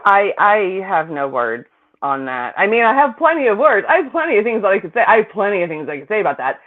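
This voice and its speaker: A woman psychic co-hosting a casual chat, incredulous and rambling, quick to laugh. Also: medium pitch, sing-song. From Britain. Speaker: psychic co-host. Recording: tinny phone-like line.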